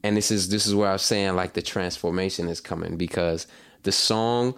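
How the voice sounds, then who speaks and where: A man with a fairly low voice talks as a guest musician. He speaks loosely, drifting through his thoughts with plenty of "like" and "you know". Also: moderate pace, clear, resonant tone. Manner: relaxed, rambling, lots of "like" and "you know". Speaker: singer-songwriter guest. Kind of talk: casual interview chat.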